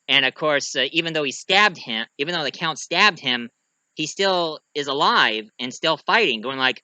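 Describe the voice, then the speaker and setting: A man's voice: fairly high pitch, expressive, moderate pace, bright, forceful tone, no echo, rough recording. A man giving a casual, rambling movie review, full of fillers and restarts, who keeps acting out lines.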